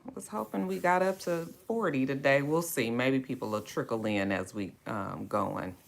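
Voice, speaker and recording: A woman's voice: rumbling low, moderate pace, vocal fry. A woman hosting a book club livestream, greeting viewers by name in a chatty, drawling way. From West Coast of the United States. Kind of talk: casual livestream chat.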